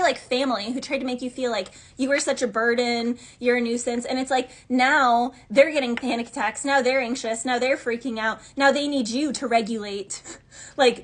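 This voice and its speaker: Chatty woman tarot reader with a high, sassy delivery. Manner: chatty and sassy, voicing imagined gossips. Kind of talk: casual tarot reading monologue.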